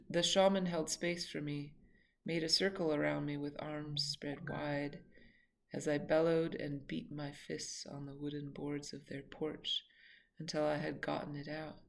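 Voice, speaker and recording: Reading aloud from her own memoir, this woman sounds low and gravelly. She moves in a reflective, halting way and now and then corrects herself mid-sentence.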